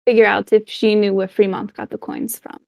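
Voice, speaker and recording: A woman voicing a wry male pirate captain in a tabletop game, with a gravelly voice. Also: mid-range voice, level tone, brisk, no echo, highs cut off, lightly acted. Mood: casual. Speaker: game master.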